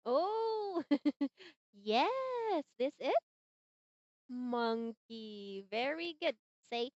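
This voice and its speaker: Very slow, high, lively woman teacher. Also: dry recording. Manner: slow, sing-song and encouraging, with animal sounds. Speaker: online English teacher. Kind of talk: demo lesson for a young learner. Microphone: computer mic on a video-call platform. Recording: dull, dry lo-fi call audio.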